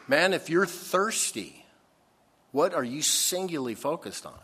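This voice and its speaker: A man preaching a sermon, slow and emphatic, swinging between loud stressed phrases and soft, low asides. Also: animated, breathy edge, big-room sound. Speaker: pastor.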